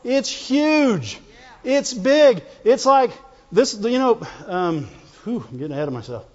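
A man's voice: very high-pitched, sing-song, a little slow. A man preaching a fervent sermon, repeating phrases and calling out to his congregation. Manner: fervent, repetitive call-and-response preaching. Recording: dull lo-fi sound with long hall reverb.

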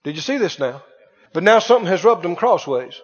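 A man preaching a sermon, swinging between hushed and loud and asking rhetorical questions. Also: high voice, big pitch swings, a little fast, slightly rough. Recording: dull reverberant hall sound.

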